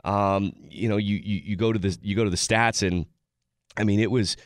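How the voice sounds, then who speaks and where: A man's voice: fairly low pitch, steady tone, normal speed, dry recording, studio quality. A man giving casual sports analysis on a talk show, rambling with frequent restarts and fillers.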